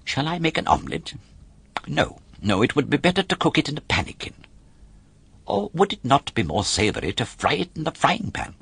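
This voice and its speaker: A man's voice: fairly high pitch, vocal fry, a bit bright, breathy edge, no room sound, voice pushed up, exaggerated voice. A man voicing a hungry, impulsive wooden puppet boy in a storybook reading, fretting aloud to himself. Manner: fretful, talking to himself. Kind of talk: audiobook character voice.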